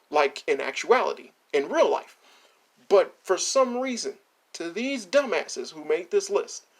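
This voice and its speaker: A man hosting a reaction video, ranting in a casual, animated way, swearing and laughing often. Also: high-pitched.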